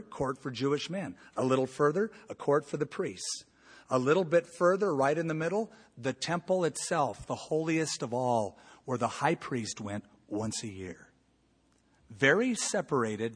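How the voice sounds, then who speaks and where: A man preaching a sermon as a pastor, emphatic, moving between loud points and hushed asides. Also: mid-range voice, breathy edge. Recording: long reverb of a large hall.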